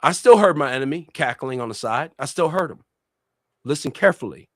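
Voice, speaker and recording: A man's voice: mid-range voice, animated, brisk, fairly bright tone, no room sound. Middle-aged Puerto Rican man, co-host and minister, emphatic testimony, dry close sound. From Puerto Rico. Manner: passionate, emphatic, repeats key phrases. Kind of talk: religious discussion with personal testimony.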